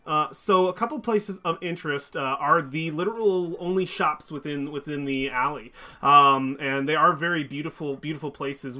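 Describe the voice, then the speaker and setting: A man's voice: on the high side, sharp tone. A man running a tabletop game as dungeon master, chatty and upbeat, with many ums and restarts.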